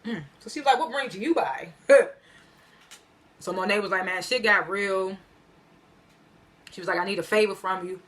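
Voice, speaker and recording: Woman chatting thru a tv episode recap, bright sharp voice, slangy, lots of "he was like", rambles n corrects herself. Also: mid-range voice, fairly even intonation, normal speed, pauses often. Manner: slangy, retells scenes as loose "he was like" quotes; rambling with frequent fillers and self-corrections. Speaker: TV episode reviewer.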